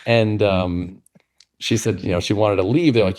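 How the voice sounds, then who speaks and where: Male guest author, lowish voice, earnest, reflective storyteller. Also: normal speed, darkish tone. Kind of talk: casual conversation, storytelling.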